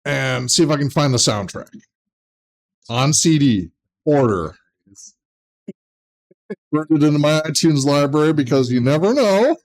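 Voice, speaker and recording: A man's voice: on the high side, lively intonation, unhurried, pauses often. A man playing at a tabletop game, casually telling a story to his friends.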